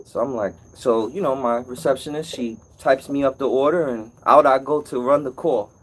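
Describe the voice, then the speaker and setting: A man hosting a casual live-stream call-in show as an appliance repair technician, telling stories in an animated way. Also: medium pitch, normal speed, slightly rough, poor audio. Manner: animated storytelling, acts out customer's voice.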